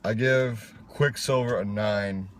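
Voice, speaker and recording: A very deep-voiced man in casual conversation, handing out firm opinions on films. He stretches certain words for emphasis and teases his friend. A light layer of background noise runs beneath him. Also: fairly even intonation, slow pace. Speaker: co-host reviewing films. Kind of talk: casual chat.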